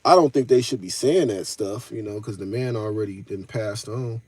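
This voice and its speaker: With a fairly low, warm voice and a breathy edge, a man hosts a live stream at normal speed, with no echo. His commentary is casual and slangy, and he talks straight to his chat while answering it.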